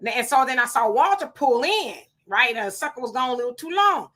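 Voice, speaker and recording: A middle-aged woman, hosting a live stream, reading viewer comments and telling stories in an animated, emphatic way; she is hot and sweating. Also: sits high, a little fast. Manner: animated storyteller, emphatic and preachy when warning.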